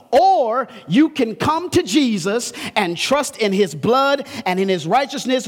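A man preaching a sermon, building to impassioned, rising refrains and dropping low and quiet for explanation. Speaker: pastor.

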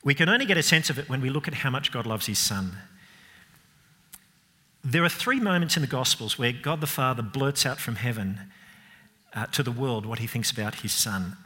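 A man preaching a sermon, expressive and emphatic, asking rhetorical questions and dropping to softer moments. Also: mid-range voice, normal speed. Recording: long hall reverb.

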